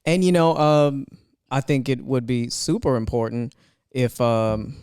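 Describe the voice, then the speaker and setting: A man, co-hosting a podcast in casual chat, measured and unhurried with laughing asides. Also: mid-range voice, a little mellow, clear, resonant tone, no echo, studio quality. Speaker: podcast co-host and bartender.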